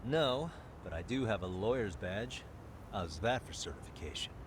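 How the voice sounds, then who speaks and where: A man's voice: fairly low pitch, expressive, normal speed, noisy background, lightly acted. An actor playing an easygoing young male detective with a wry, laid-back way of talking. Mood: persuading.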